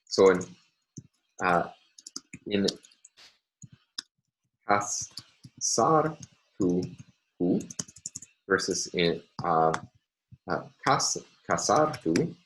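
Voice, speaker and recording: A man's voice: low voice, fairly bright tone, a little hiss or hum, rough recording. A man lecturing on linguistics over slides, careful and self-correcting, with frequent ums and uhs.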